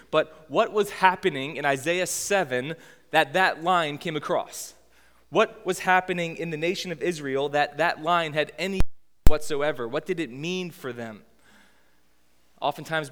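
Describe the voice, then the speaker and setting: A man in his thirties preaching a sermon as pastor, conversational and animated as he tells the story. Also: on the high side, big-room sound.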